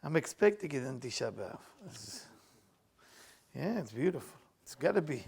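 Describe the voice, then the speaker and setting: A middle-aged man teaching, retelling a story in an animated, emphatic way with non-native grammar. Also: medium pitch, normal speed, gravelly. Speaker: Kabbalah teacher. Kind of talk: storytelling lesson.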